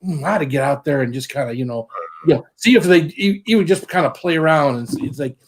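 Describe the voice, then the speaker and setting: A man's voice: fairly high pitch, lively intonation, fast talker. A man in casual chat, rambling and hesitant, with lots of fillers.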